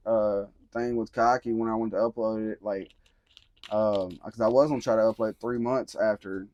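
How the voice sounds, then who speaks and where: A young man with a Southern accent, talking in a relaxed, drawling way as a musician guest in an interview. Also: on the low side, normal speed, lo-fi sound. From Tennessee. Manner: laid-back, drawling, swears casually. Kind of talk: casual interview chat.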